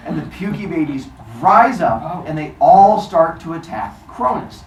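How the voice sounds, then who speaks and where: A man's voice: fairly high pitch, lively intonation, a little slow, slight background noise. A male teacher telling a myth to a class in a playful, jokey way, recorded in a classroom from a distance. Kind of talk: classroom storytelling. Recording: roomy, distant mic.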